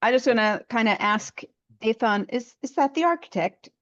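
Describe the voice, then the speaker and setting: A woman's voice: a little high, lively intonation, normal speed, no room sound, lo-fi sound. A woman player in a tabletop game, chatting casually.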